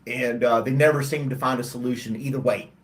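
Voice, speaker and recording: A tired man hosts a casual livestream chat, yawning between thoughts. He rambles and hesitates with lots of ums and restarts. His voice sits at a middling pitch. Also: fairly even intonation, brisk. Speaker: host of a livestream chat show. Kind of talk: casual chat with live chat viewers.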